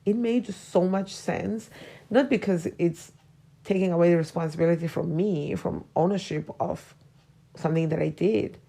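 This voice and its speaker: A woman's voice: on the low side, creaky, warm tone, breathy edge. A woman in her forties hosting a podcast, talking through personal memories in a hesitant, reflective way that sometimes drops to a whisper. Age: 40s. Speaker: podcast host.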